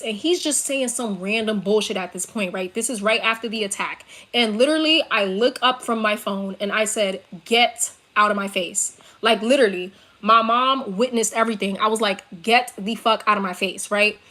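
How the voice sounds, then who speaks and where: Female vlogger, young, New York accent, slightly high voice, fiery swearing storytime to a laptop mic in her bedroom. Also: bright, forceful tone. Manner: heated, profane, emphatic storytelling. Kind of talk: storytime rant to camera. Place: her bedroom, seated on bed. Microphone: laptop built-in mic.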